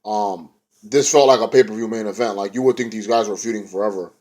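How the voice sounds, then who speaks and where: With a lowish, slightly mellow voice and a fast delivery, a young man rambles through a wrestling show recap. He uses plenty of slang and now and then quotes the wrestlers in imitation.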